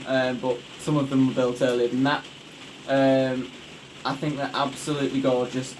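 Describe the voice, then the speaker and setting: An excitable young man chats away eagerly, his talk full of ums and restarts. His voice sits in a middling range. A faint hiss runs under the recording. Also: mid-range voice, low-quality recording. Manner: enthusiastic, rambling with many fillers. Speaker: podcast host. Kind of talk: casual chat.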